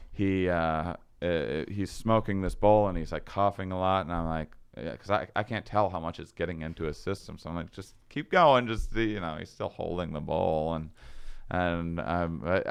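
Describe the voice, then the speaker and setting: A man's voice: deep voice, vocal fry, clear, resonant tone. A man telling a long story in casual conversation, acting out quoted lines and laughing often. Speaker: podcast guest.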